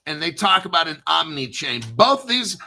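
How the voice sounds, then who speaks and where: A man's voice: a little high, big pitch swings, normal speed, vocal fry, bright, forceful tone. A man hosting a casual crypto livestream, rambling and joking with lots of swearing. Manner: rambling, profane, jokey. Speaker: crypto YouTuber. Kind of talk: casual unscripted livestream talk.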